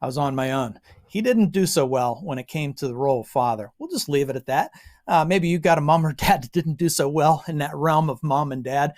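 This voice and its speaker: A woman's voice: low voice, fairly quick. An American woman from Western Pennsylvania giving an informal Bible exposition, telling stories with frequent asides. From Western Pennsylvania, USA. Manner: animated storytelling with frequent asides. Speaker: Bible teacher.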